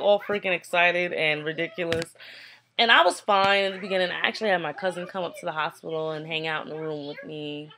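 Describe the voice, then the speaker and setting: A young woman casually telling a personal story to camera, animated and chatty, acting out what people said. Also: on the low side, brisk, a little hiss or hum. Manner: chatty, animated retelling with quoted voices. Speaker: vlogger.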